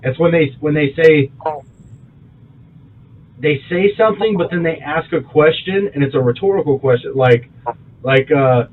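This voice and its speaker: A man co-hosting a podcast in loose, profane casual chat, animated and quick to laugh. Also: on the high side, narrow, tinny audio. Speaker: podcast co-host.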